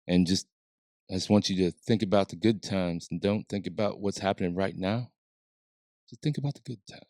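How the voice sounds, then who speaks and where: A man doing an impression of a well-known actor, talking in a soft, slow, consoling drawl. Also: deep voice, level tone, dry recording, clean studio sound. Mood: soothing. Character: soothing, slow-talking famous actor, male, calm. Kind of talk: celebrity impression.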